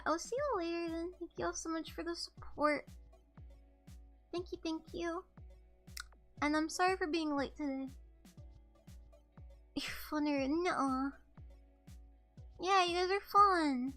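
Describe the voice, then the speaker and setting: Bright high-voiced young woman streamer. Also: unhurried, long pauses, faint music behind. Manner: rambling, giggly, apologetic. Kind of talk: casual live-stream chat.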